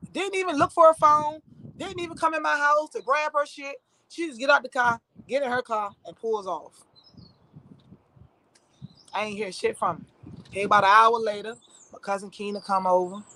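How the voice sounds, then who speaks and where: A woman telling a personal story in casual, animated talk, heavy with profanity and frequent asides to the listener. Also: high voice, normal speed.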